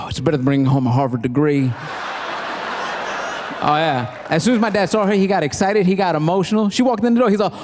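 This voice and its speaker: Animated man doing stand-up, high voice. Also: brisk. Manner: animated, storytelling, mock-exasperated. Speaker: stand-up comedian. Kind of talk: stand-up comedy. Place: comedy stage before a live audience. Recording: live crowd and noise.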